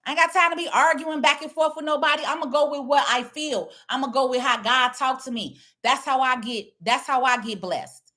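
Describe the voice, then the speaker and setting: A woman's voice: high voice, brisk, bright, forceful tone. A woman speaking blunt, preachy casual talk, lecturing her viewers. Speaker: online commentator. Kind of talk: casual direct-to-camera talk.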